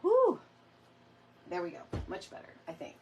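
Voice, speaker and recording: A woman's voice: on the low side, huge pitch swings, normal speed, muffled recording. A chatty middle-aged woman rambles to her live-stream viewers as she works on a craft project. She calls them y'all, drifts between asides, and stops now and then to cough. A faint hiss of noise sits behind her voice. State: lingering cough. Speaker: DIY crafting host. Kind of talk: casual live-stream chat while crafting.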